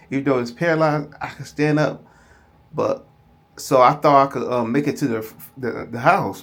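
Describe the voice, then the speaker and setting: A man's voice: medium pitch, vocal fry. A man speaking casually to camera, rambling through a personal story and calling out to viewers as "y'all". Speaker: vlogger.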